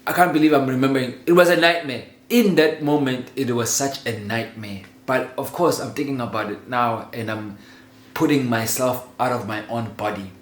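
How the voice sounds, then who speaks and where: A man telling a childhood story in a casual, animated way, laughing often and swearing freely. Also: medium pitch, moderate pace. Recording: roomy echo with faint ambient noise.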